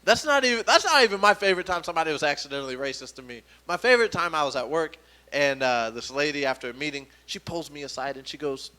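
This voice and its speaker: A man's voice: a little high, expressive, fast talker, sharp tone. A young man doing a stand-up comedy set, telling stories animatedly and putting on the voices of people he quotes. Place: comedy club stage.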